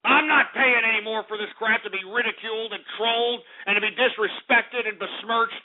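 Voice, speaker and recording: A man's voice: extremely high pitch, steady tone, fairly quick. A male call-in radio host ranting angrily and swearing at his callers. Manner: angry, profane, shouting tirades. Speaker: radio host taking calls. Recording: phone-like lo-fi stream audio.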